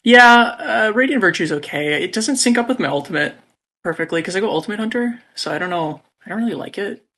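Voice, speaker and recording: A man's voice: high-pitched, animated, brisk, bright, forceful tone. A man being coached on his game, answering in short, easygoing replies. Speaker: coached player. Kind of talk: casual chat.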